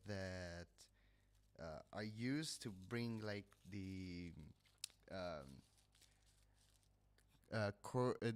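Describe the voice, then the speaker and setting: An Italian-accented man with a nasal, lowish voice chats unhurriedly into a headset mic. He talks slowly, with many fillers and pauses while he hunts for English words. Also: clear, resonant tone. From Italy. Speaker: livestreamer. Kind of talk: casual chat.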